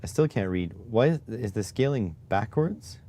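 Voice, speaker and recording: A man with a fairly low, mellow voice speaks animatedly at a normal speed during a casual live stream. Fiddling with display settings, he mutters to himself in exasperation and keeps sighing "oh my God."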